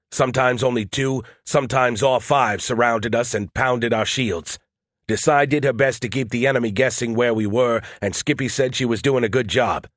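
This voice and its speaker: A man giving scripted first-person audiobook narration, steady and tense. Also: mid-range voice, dry recording, clean studio sound.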